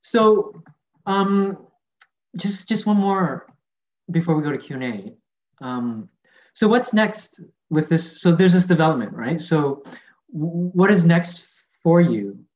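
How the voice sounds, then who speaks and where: A moderator runs an online panel over a video call, asking questions in a friendly, hesitant way with many fillers. The audio sounds dull and lo-fi, and the voice is mid-pitched. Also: animated, takes it slowly, darkish tone.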